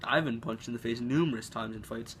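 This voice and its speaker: A teenage boy tells a school story to his camera in a loose, rambling way, leaning on fillers and starting lines over. His voice sits at a middle pitch. A faint room hum sits behind him at home. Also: a little fast, a bit bright. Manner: rambling, filler-heavy, restarts often. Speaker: vlogger. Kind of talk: casual storytelling.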